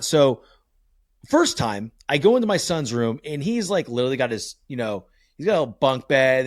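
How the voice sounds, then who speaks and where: A man hosting a podcast, talking candidly and telling family stories in an animated way, swearing freely. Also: medium pitch, no echo, studio quality. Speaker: podcast host. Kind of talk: casual podcast conversation.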